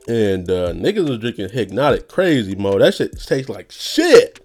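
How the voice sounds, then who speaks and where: A young man with a fairly low voice rants on his own podcast. He is loose, rambling and profane, and his pitch jumps high when something riles him. Faint music plays underneath. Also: big pitch swings, moderate pace, a little mellow. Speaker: podcast host. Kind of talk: casual solo rant.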